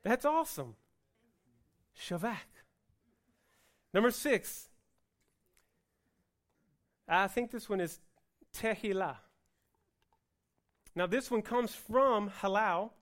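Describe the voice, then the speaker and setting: A man preaching a sermon on Hebrew words for worship, mixing joking asides with loud, emphatic passages. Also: high voice, animated, takes it slowly, pauses often. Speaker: pastor.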